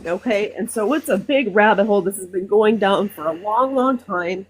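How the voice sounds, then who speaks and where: A woman's voice: medium pitch, a little hiss or hum. Female caller from Minnesota, mid-range voice, earnest, emotional call-in talk. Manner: earnest, emotional, halting with fillers.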